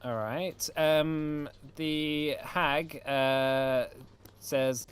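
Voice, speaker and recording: A young man, the game master, casually running a tabletop game with hesitant pauses. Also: medium pitch, smooth, no room sound. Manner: relaxed, hesitant, many filler sounds.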